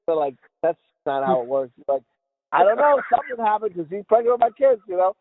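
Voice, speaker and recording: A man's voice: sits high, big pitch swings, fast talker, slightly rough, dry recording. A man co-hosting a podcast, rambling through crude jokes and laughing often. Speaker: podcast co-host. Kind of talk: crude casual banter. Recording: tinny phone-like sound.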